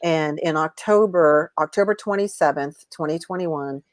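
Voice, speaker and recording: Guest woman, intuitive reader: low voice, dry close sound, rambling, lots of restarts. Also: moderate pace, no room sound. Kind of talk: casual live chat.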